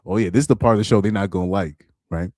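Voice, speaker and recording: Deep-voiced man chatting on a livestream. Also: very fast, a little mellow, dry recording, clean studio sound. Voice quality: deep voice he calls super villain-like. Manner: laid-back, laughs often, trails off and restarts. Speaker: reaction streamer. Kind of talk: casual livestream commentary.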